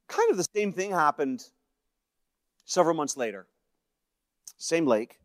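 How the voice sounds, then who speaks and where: A man with a slightly high-pitched voice tells a personal story to a congregation. He moves between quiet, heavy passages and brighter, animated bits where he plays out other people's lines. The sound is dry and close. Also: unhurried, long pauses, no room sound. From Canada. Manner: personal storytelling with acted-out quotes, swinging between hushed and lively. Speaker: guest speaker. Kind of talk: storytelling sermon.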